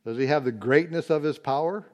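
A man teaching a Bible study, explaining word meanings slowly and deliberately, with occasional fillers. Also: fairly high pitch, a little mellow, dull audio.

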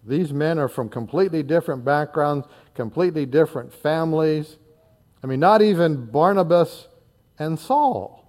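A pastor in his sixties from northern Indiana preaches earnestly, in a loose conversational style that keeps circling back with little fillers. His voice sits a touch higher than most men's. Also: normal speed, darkish tone. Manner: earnest, conversational preaching with frequent "uh" and repeated words. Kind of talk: sermon.

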